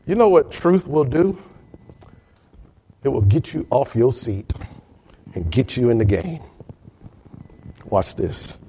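A man preaching a sermon as pastor, talking straight to his congregation in an animated way. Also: medium pitch, slow pace, pauses often, slightly rough, poor audio.

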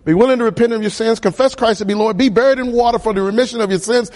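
High-voiced man preaching with emphatic cadence. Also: racing. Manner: emphatic, repetitive cadence, rising to loud peaks. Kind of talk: sermon.

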